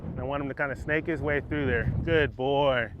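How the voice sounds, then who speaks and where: A horse trainer talking calmly as he works a horse through a gate outdoors, praising it often and explaining each step. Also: medium pitch, moderate pace. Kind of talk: hands-on training demonstration. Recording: dull lo-fi audio with faint outdoor noise.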